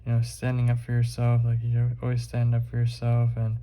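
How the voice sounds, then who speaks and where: A man's voice: medium pitch, completely flat delivery, a little fast, mellow. A young man vlogging while he draws, rambling casually with lots of fillers and swearing. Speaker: art vlogger.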